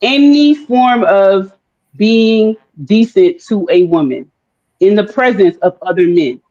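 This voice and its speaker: Animated woman debating, lo-fi sound. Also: mid-range voice, slow pace. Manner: animated, acts out quoted voices, many fillers. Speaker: panelist. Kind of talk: casual debate. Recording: dull lo-fi audio.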